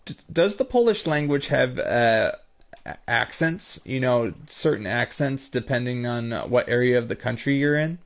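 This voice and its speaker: A man from the United States with a Northern US accent, chatting casually with his live-stream viewers in a rambling, halting way full of restarts. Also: mid-range voice, expressive, lo-fi sound.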